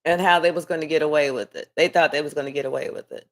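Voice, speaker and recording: A woman's voice: low-pitched, fairly even intonation, fast talker. Chatty, rambling woman tarot reader. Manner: rambling, chatty, swears freely. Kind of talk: casual live reading.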